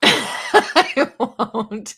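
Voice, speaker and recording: A giggly, chatty woman hosts a booktube live stream, reading comments aloud in casual chat. Her voice is on the high side, sharp in tone with a breathy edge, and she often laughs and restarts.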